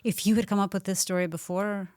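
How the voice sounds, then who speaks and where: An interviewer with a mid-range voice asks short clarifying questions and murmurs quick acknowledgments. The sound is dry and close to the mic. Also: mid-range voice, little pitch movement, darkish tone, smooth, no room sound.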